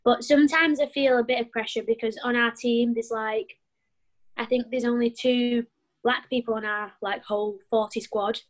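A young woman rugby player in an interview, soft-spoken and a little shy, answering hesitantly. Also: on the high side, fairly even intonation, normal speed, rough recording. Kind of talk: interview conversation.

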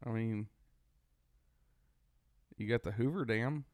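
A man's voice: on the low side, slow pace, a little mellow, no echo. A man with a Texan accent co-hosting a podcast, joking and exclaiming in casual banter. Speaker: podcast co-host.

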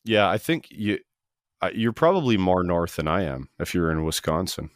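A man's voice: low-pitched, very animated, normal speed, no echo, clean studio sound. A Canadian man hosting a trade podcast in a chatty, rambling way, often restarting his sentences. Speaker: podcast host. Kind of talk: casual interview. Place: home basement studio.

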